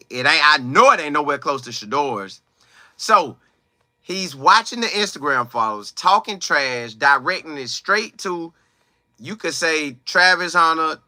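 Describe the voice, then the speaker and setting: Male sports vlogger, bright forceful voice, dry close sound, animated and emphatic. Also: on the high side, no room sound. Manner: animated, emphatic, slangy storytelling. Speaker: sports commentator. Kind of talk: casual commentary vlog.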